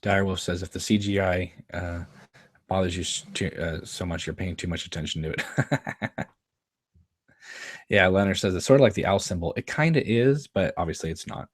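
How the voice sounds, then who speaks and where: A man's voice: deep voice, normal speed, pauses often, no echo, studio quality. A man hosting a casual watchalong, chatting about a television episode, laughing often and quoting lines from the scene. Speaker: show host commenting on an episode.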